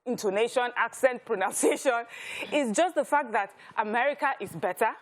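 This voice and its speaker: A Nigerian woman on a television talk panel, talking in a slightly high voice. She is measured and thoughtful, and she sometimes stops to hunt for the right word as she makes her point. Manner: thoughtful, measured, searching for words. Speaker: TV talk show co-host. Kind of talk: studio panel discussion.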